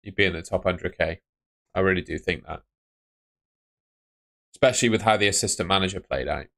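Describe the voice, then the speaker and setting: A man's voice: low voice, brisk, gravelly, a bit bright, dry recording, clean studio sound. A young man hosting a live stream, chatting casually and muttering to himself as he sorts things out on his phone. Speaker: livestream host.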